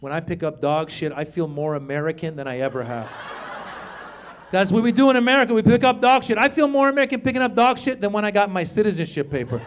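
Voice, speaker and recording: A middle-aged man from Iran performing a stand-up comedy set on a club stage, acting out voices and shouting his punchlines into a handheld mic. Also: high-pitched, animated, fast talker.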